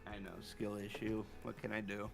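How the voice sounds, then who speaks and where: A man's voice: lowish voice, completely flat delivery, normal speed, gravelly, music in the background. A man co-hosting a drawing livestream, chatting casually in a laid-back way and reading viewer questions aloud. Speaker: co-host of an art stream.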